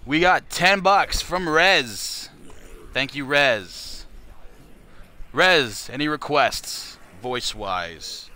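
A man from Canada who rambles through a casual livestream, swearing and cracking jokes. His voice is bright and smooth at a mid pitch, and he keeps the chatter loose and offhand. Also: animated, very slow. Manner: crude, joking, rambling. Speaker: livestream fundraiser host.

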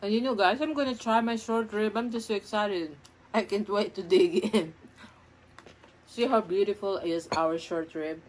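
A middle-aged woman speaks in a mid-range voice at a moderate pace as she eats on camera at home. It's a mukbang vlog filmed in her kitchen, and she murmurs between bites, gushing about her meal.

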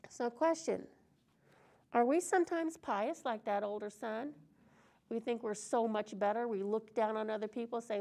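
A woman's voice: on the high side, moderate pace, dark tone. A woman preaching an earnest, conversational sermon in a church service.

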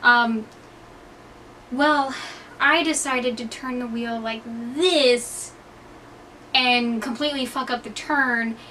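A woman's voice: fairly high pitch, steady tone, takes it slowly, long pauses, sharp tone, far from the mic, a little hiss or hum, low-quality recording. A young woman telling stories to her camera in a rambling, self-mocking way, full of swearing and fillers. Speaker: vlogger. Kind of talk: casual storytelling to camera. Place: indoor room, hot.

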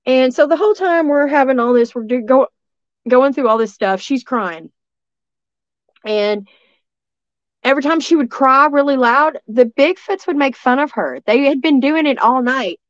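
A woman's voice: high voice, normal speed, no echo, dull audio. A woman from East Tennessee, telling a story as a guest in a rambling way, full of restarts and fillers. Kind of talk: casual storytelling.

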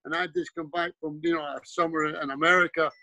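Scottish guest in his 70s; high, forceful tone; chatty storyteller full of restarts. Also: little pitch movement, a little fast, no echo, low-quality recording. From Scotland. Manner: rambling anecdotes with frequent restarts and "you know". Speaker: guest, former pro player and coach. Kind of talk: casual storytelling interview.

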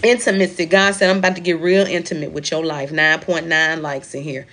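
A woman's voice: deep voice, steady tone, a little fast, noisy background. A woman hosting a live spiritual card reading, talking emphatically and repeating her points like a preacher. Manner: emphatic, repetitive, preachy with African American Vernacular phrasing. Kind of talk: live stream tarot-style reading.

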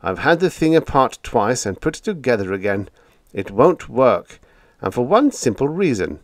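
A flustered young radio operator, squawking and exasperated, as a man puts him on. His voice rides high and animated above the narration. Close, dry recording. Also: normal speed, dry recording. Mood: defensive.

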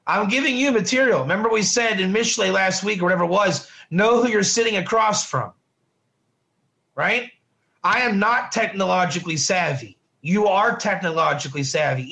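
A man's voice: sits high, normal speed, creaky, bright, forceful tone. A middle-aged man teaching a lesson in a casual, conversational way, often checking in with his listeners. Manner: conversational, repetitive, asks "right?" often. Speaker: Torah teacher. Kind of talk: informal classroom lesson.

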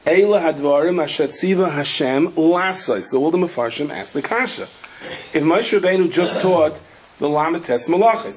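Man, rabbi, Torah class, anecdotal storytelling, fairly high voice.

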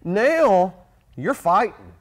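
A male pastor co-hosting a casual talk on marriage. His voice sits a little high for a man, and he drives his points home by repeating key phrases with emphasis. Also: sing-song, very slow. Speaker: pastor and show co-host.

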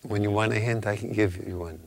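A man posing riddles in casual chat, playful and teasing, slowing down to repeat the key lines. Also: on the low side, steady tone, a little hiss or hum.

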